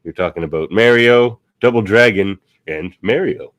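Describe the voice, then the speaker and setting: Deep-voiced male podcast host. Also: normal speed, slight background noise. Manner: relaxed, plugs network shows. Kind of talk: casual chat over video call. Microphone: video call.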